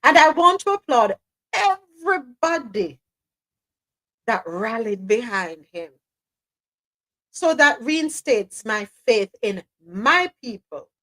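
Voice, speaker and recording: A woman's voice: a little high, takes it slowly, pauses often, rough recording. A Jamaican woman hosting a live talk show, speaking emphatically and sometimes slipping into patois. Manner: animated, emphatic, slips into patois. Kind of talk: casual talk-show commentary.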